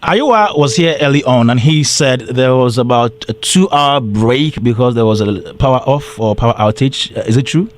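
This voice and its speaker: A man's voice: medium pitch, normal speed, hardly any pauses. A man, an interviewer asking brief, probing questions.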